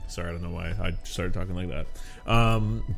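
A man's voice: low-pitched, steady tone, a little fast, vocal fry, faint music behind. A man co-hosting a casual gaming podcast, rambling, swearing freely and laughing often. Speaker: podcast co-host.

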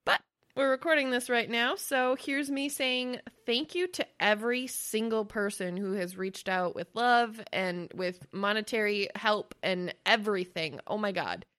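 A woman's voice: mid-range voice, pushed and bright. A young woman co-hosting a casual podcast chat, swearing freely and laughing often as she talks. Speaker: podcast co-host.

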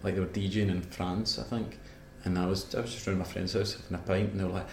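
A man's voice: sits low, level tone, fast talker, slight background noise. A man with a Scottish accent, chatting as a musician guest in an interview, rambling and laughing often as he tells stories. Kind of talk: casual interview chat. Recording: roomy echo.

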